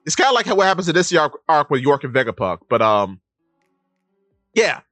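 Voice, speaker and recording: Guy on a podcast, slightly high voice, bouncy delivery, acts out lines. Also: a little fast, no echo, faint music behind. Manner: animated, acts out characters' lines. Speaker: podcast co-host. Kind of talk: casual chat about anime.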